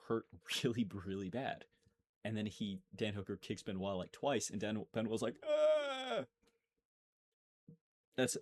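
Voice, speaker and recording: A man's voice: fairly low pitch, a little mellow, a little hiss or hum. Rambling, profane young man recapping fights. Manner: profane, rambling, self-interrupting. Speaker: MMA commentary YouTuber. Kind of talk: casual fight recap monologue.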